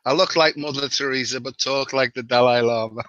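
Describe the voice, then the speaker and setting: Bright-voiced Liverpool-accented man, dull lo-fi sound. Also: medium pitch, steady tone, fairly quick, no echo. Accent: Liverpool (Scouse). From the Wirral, near Liverpool, England. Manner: chatty, self-mocking, laughs easily. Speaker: guest. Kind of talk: casual live-stream chat.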